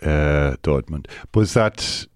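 A man's voice: extremely low pitch, animated, slow, no room sound, studio quality. A man co-hosting a podcast, chatting casually about football in a rambling way and often restarting his sentences. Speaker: podcast co-host.

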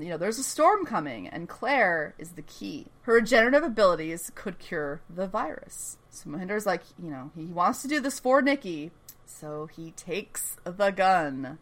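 A woman co-hosting a casual recap podcast, with a lively voice that swings widely in pitch. She is excitable, laughs often and swears casually. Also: normal speed. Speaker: podcast co-host.

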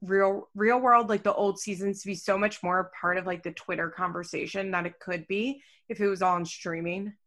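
A woman's voice: medium pitch, fairly even intonation, normal speed, few pauses, fairly bright tone. Woman, podcast co-host, casual chat, slight speech impediment, chatty, lots of "like", swears. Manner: chatty, swears freely, many "like" fillers.

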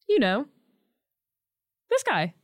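A woman in her twenties co-hosting a podcast, chatting casually in an animated way and laughing often. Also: sits high, no room sound, clean studio sound. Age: 20s. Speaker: podcast co-host. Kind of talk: casual chat.

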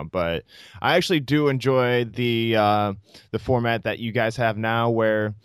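Podcast host, male, smooth voice, chatty jokey delivery, dry close mic. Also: lowish voice, dry recording. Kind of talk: casual podcast interview.

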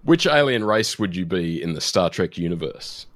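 A podcast host asking quick questions and giving brief reactions. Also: deep voice, expressive. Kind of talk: casual podcast interviewing.

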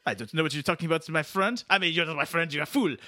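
A man's voice: fairly high pitch, rapid-fire, sharp tone, no echo, studio quality. A man putting on a scornful mock French-Canadian grump. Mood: insulting. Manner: theatrical, scornful, name-calling. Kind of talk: comedic podcast bit.

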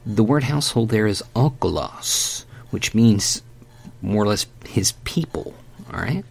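A man preaching in a loose, conversational sermon, his low voice rough with gravel and a husky edge. He swings up and down with lively emphasis and drops into folksy asides. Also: a little slow.

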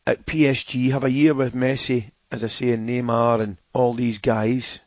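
A man's voice: mid-range voice, level tone, moderate pace, no echo. A man chatting casually about football on a radio panel, with some hesitations.

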